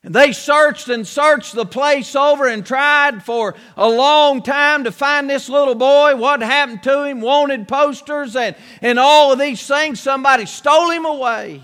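Male preacher, folksy storyteller, bright forceful tone, reverberant hall. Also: very high-pitched, unhurried, few pauses. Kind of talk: sermon.

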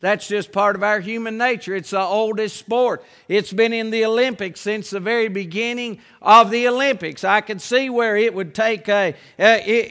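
High-voiced preacher, folksy and emphatic. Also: male voice, a bit bright. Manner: reverent low prayer that builds to an emphatic folksy preaching style. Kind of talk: sermon.

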